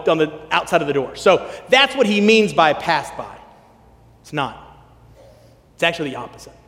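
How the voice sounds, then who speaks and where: A man preaching a sermon, animated, acting out quoted lines and dropping to a soft hush for emphasis. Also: high voice. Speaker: pastor. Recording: long hall reverb.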